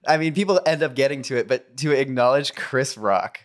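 A man in relaxed podcast conversation, thinking out loud in long rambling sentences that often trail off. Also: mid-range voice, brisk. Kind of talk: casual conversation.

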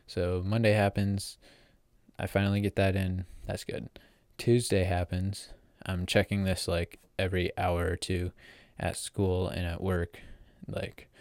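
In a casual vlog, a deep-voiced teenage boy rambles through his story at a measured pace and level tone, stacking up fillers and fixing himself partway through sentences. His voice has a darkish quality. The sound is close and dry, without any echo.

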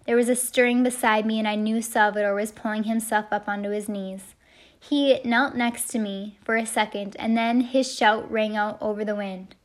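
A woman's voice: medium pitch, steady tone, normal speed. A woman narrating a first-person audiobook in a heartfelt storytelling manner. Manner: heartfelt storytelling, shouting the quoted lines.

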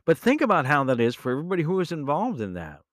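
A man hosting a podcast, telling a rambling personal story in a casual, animated way, often correcting himself mid-sentence. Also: on the high side, fast talker, no echo, studio quality. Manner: animated, rambling, with self-corrections and bursts of laughter. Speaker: podcast host.

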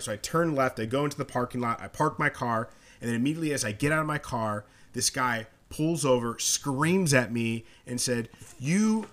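Lively man telling a story on a podcast. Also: mid-range voice. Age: adult, married. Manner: animated storyteller, jokey, acts out quotes. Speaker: podcast co-host. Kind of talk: casual chat, storytelling.

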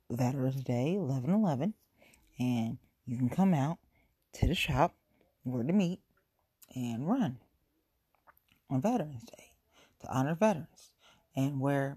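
A woman's voice: deep voice, dark tone, breathy edge, dry recording. A woman from chatting casually on her own show, rambling, repeating herself and speaking frankly. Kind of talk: casual solo chat.

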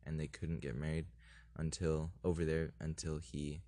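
A man's voice: a bass voice, level tone, moderate pace, dark tone, dry recording. A man in casual chat with a friend, laughing often and trailing off mid-sentence as he improvises rhymes.

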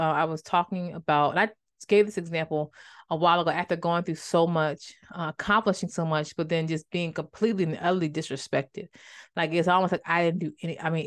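A woman with a somewhat low voice teaches from the Bible in a relaxed, chatty podcast style and keeps calling her listeners y'all. She talks with heartfelt emotion, holding back tears of joy. Her voice sounds dry and close, with no room echo. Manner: conversational, addresses listeners as y'all. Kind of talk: casual devotional teaching. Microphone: microphone with a faulty cord.

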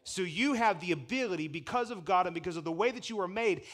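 A male preacher delivering a sermon in a high, lively voice that leaps up and down. He talks animatedly, laughing to himself and slipping into the voices of people he quotes. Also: quick pace. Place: church pulpit.

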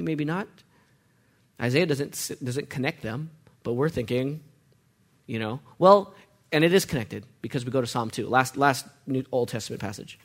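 A man's voice: medium pitch, gravelly. A man preaching a sermon, asking the congregation questions as he goes and letting them call out the answers. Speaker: pastor.

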